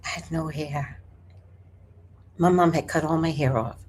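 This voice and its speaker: A woman in her forties hosting a livestream, telling stories in a casual, animated way that swings from hushed to loud. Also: low voice, a little slow, a little hiss or hum. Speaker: livestream host. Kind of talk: casual storytelling to a live chat.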